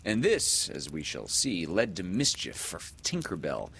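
A man narrating a children's story aloud in an expressive, dramatic way. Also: low voice, unhurried, gravelly, a little hiss or hum. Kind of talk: audiobook storytelling.

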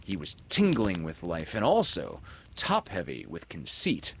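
A man reading a children's story aloud in an expressive, dramatic way. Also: deep voice, measured pace, gravelly, husky.

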